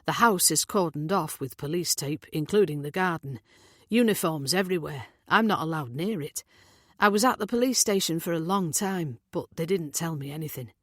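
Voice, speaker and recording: A woman's voice: low voice, lively intonation, moderate pace, fairly bright tone, dry recording, clean studio sound. Woman reading as an earnest, apologetic man. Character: worried man searching for his missing sister.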